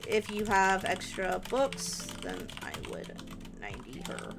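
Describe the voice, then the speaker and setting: A woman's voice: mid-range voice, wildly swooping pitch, slow, noisy background. A young woman streamer giving casual game advice, thinking aloud with lots of fillers. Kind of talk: casual game guide commentary on a live stream. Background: background music and keyboard typing.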